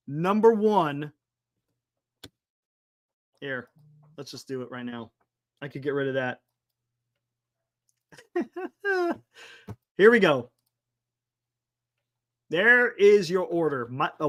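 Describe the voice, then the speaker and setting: A man hosting a casual live sports talk stream, excitable and quick to laugh. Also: on the high side, no echo, clean studio sound. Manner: excitable, laughing, talks to guests on a video call. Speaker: sports talk show host.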